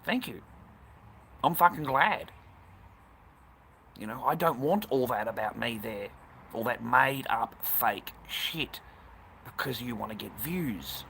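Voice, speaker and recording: A man's voice: mid-range voice, animated, slow pace, vocal fry, long pauses, bright, forceful tone. A man chatting casually on a live stream, blunt and rambling, swearing constantly. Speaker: livestreamer. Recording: noisy background hiss.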